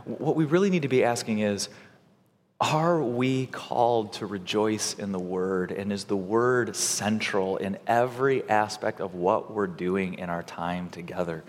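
A man's voice: on the low side, normal speed. Preacher man in an echoing hall. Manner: conversational preaching with acted quotes and rising emphasis. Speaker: pastor. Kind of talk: sermon.

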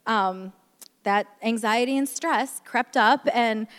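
A woman's voice: a little high, takes it slowly, fairly bright tone. Candid woman in a reverberant hall. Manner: candid and self-deprecating, with many fillers. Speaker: speaker sharing a marriage testimony. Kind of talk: personal testimony at a church gathering. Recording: long reverb in a large hall.

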